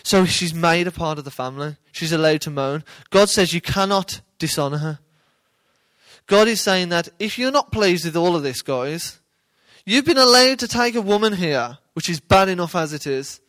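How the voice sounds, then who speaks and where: A man's voice: high-pitched, animated, moderate pace, fairly bright tone. A man giving informal Bible teaching in a conversational way, often checking in with his listeners. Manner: conversational, questioning the audience.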